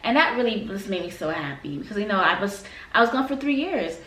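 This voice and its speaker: A woman from Florida telling a story in a casual sit-down vlog, animated, emphatic and slangy. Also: mid-range voice, a little fast. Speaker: vlogger. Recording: roomy, mic a bit far.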